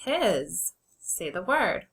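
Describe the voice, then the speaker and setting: A woman teaches young children to read, sounding out each word slowly and clearly. Her voice is bright and forward, and she encourages the class warmly as friends. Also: medium pitch, sing-song, low-quality recording. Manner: slow, clear sounding-out of words. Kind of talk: early reading lesson for children.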